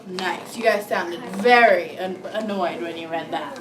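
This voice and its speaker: A woman teaching first grade, reading a big book aloud to her class in an expressive, sing-song voice. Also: fairly low pitch, a little slow, noisy background. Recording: echoey classroom, mic far off, children around.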